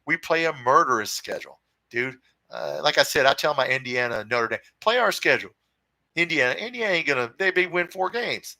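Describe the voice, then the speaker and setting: A man's voice: mid-range voice, expressive, fairly quick, bright, forceful tone, no echo, low-quality recording. A man hosting a fan livestream, reading viewer comments and answering in blunt, profane, fired-up casual talk, calling people brother and dude. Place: home room with his cat nearby.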